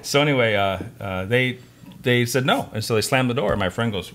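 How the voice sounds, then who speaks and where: Over a noisy background, a man with a medium-pitched voice co-hosts a podcast and chats casually. He's a massage therapist, and he tells stories from his work life in a quick, chatty way.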